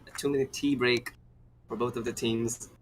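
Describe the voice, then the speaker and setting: A young man casting an online shooter match, excitable and playful, bantering with his co-caster. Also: medium pitch, normal speed. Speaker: esports caster. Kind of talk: play-by-play commentary. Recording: faint game noise behind.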